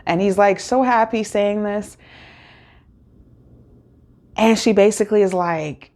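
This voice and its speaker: A woman's voice: mid-range voice, slow pace, pauses often, a little mellow. A woman hosting a casual episode recap, rambling and chatty with many fillers and restarts. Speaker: host.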